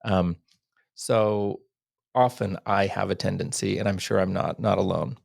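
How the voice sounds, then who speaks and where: A man hosting a podcast, earnest and rambling, often dropping to a soft near-whisper. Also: deep voice, steady tone, unhurried, vocal fry, no echo, clean studio sound. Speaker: podcast host. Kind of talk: casual interview chat.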